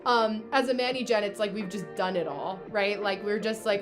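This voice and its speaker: A young woman from New Jersey, USA, with a New Jersey accent hosts a casual astrology livestream, reading comments and chatting with viewers by name amid lots of fillers. Her mid-range voice moves at a normal speed with few pauses, and music plays in the background.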